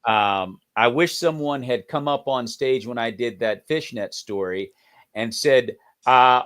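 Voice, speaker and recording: A man with a mid-range voice hosts a casual comedy chat. He talks in a relaxed, thoughtful way and backs up his guest with easy agreement. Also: mid-range voice, unhurried. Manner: relaxed and reflective, with soft agreeing interjections. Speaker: comedy show host.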